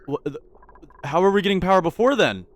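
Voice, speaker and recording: Here a man's high-sitting voice is animated and brisk. He's a gaming YouTuber giving nervous gameplay commentary, speaking to his characters and saying lines again and again, with a faint hiss in the background.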